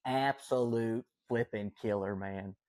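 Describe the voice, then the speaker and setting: Slow and low, with a darkish tone and a dry recording, this Southern Appalachian man shares stories as a podcast guest. He chats casually in a folksy, enthusiastic manner, using lots of fillers.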